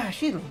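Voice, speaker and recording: Chatty, sarcastic woman game streamer. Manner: chatty, rambling, laughs often, sarcastic. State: tired. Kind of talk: casual live-stream chat while playing.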